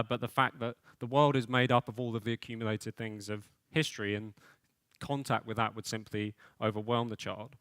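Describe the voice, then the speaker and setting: A man's voice: medium pitch, fairly bright tone. A man delivers a conference keynote in a mid-range voice. He speaks thoughtfully and hedges often with small fillers. The sound is dry and close, with no room echo. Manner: thoughtful, hedging with frequent fillers. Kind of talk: conference lecture.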